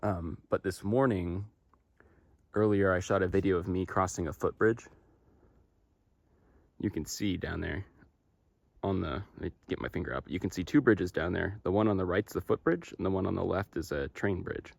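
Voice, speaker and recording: A long-distance hiker vlogs on a mountain trail, chatting to a handheld camera or phone as he walks, in a self-deprecating way. His low-pitched, creaky voice moves at normal speed with frequent pauses, and the recording is dry.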